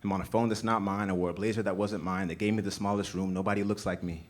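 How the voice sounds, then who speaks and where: A man's voice: low-pitched, fairly even intonation, fast talker. A young man telling a personal story on a small theater stage, with an earnest, rhythmic delivery. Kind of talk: live storytelling.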